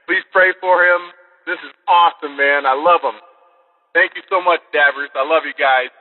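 A man gushes with excitement in a short voicemail. He sounds held away from the phone. The line is tinny with a long echo. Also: a little high, normal speed. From Michigan, US. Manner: excited, gushing. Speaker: caller.

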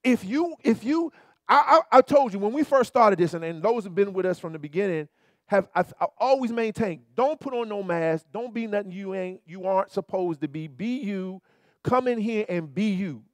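A man pastor preaching a sermon in an animated, colloquial way, turning often to his listeners with repeated asides. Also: high voice, moderate pace, dry recording, studio quality.

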